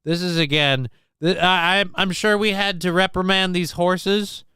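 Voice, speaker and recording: A man's voice: high voice, fairly even intonation, a little slow, bright, forceful tone, clear, resonant tone, no room sound, studio quality. A man hosting a casual live stream, reacting to news clips with rambling, sarcastic asides. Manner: rambling, sarcastic, mock voices for people in clips. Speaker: show host.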